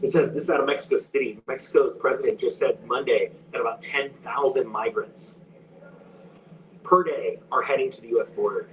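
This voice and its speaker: A man's voice: medium pitch, brisk, fairly bright tone. A man commenting online in an urgent, warning tone, reading out news with fillers. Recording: distant clip with faint background noise.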